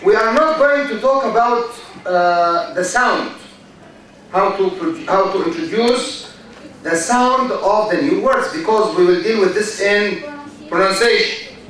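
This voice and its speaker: A man lectures a class in a high, unhurried voice, repeating key words and asking "okay?" again and again. He sits far from the mic, and the big hall booms with echo around him. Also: a bit bright, slight background noise. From Egypt. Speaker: university lecturer.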